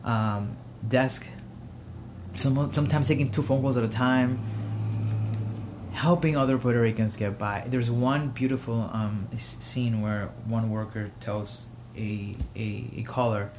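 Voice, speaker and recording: A man's voice: medium pitch, steady tone, noisy background. Emotional man giving commentary. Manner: emotional, pausing, rising to indignation. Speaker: podcast host. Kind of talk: personal commentary.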